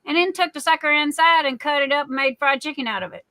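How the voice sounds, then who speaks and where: A woman's voice: sits high, fast, bright, forceful tone. A middle-aged woman hosting a livestream, telling rambling folksy stories in a casual chat full of fillers. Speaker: livestream host.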